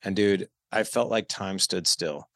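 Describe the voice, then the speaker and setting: Low voiced guy w some gravel, candid storyteller, dry sound. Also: a little slow, no room sound. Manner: candid, animated storyteller acting out dialogue. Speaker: podcast guest, parenting coach. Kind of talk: casual storytelling interview.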